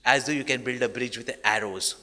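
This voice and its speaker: A man voicing a small, stubborn male monkey devotee who repeats a chant in a steady sing-song. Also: medium pitch, a little fast, long reverb tail, natural voice. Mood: teasing.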